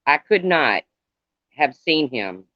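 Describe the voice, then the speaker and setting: A middle-aged man talking to viewers on a live stream in a halting, rambling way, calling out commenters by name. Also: a little high, very animated, no room sound. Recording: dull lo-fi, dry sound.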